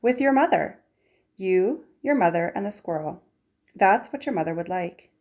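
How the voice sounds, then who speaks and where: A woman's voice: medium pitch, lively intonation, normal speed, a little mellow, natural voice. A woman doing an awkwardly cheerful father. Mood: insistent.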